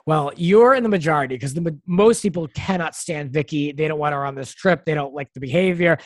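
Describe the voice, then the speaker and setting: A podcast co-host chatting casually and giving opinions with quick asides. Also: medium pitch, no echo. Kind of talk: casual chat recapping reality TV.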